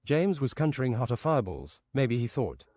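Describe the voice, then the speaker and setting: A man's voice: medium pitch, big pitch swings, brisk, a little mellow, dry recording. A man streaming a game while improvising a rambling, absurd fantasy story.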